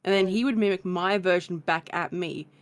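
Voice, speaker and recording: A woman's voice: fairly low pitch, normal speed, no echo. A woman guest in a casual stream chat who laughs often and talks with animation.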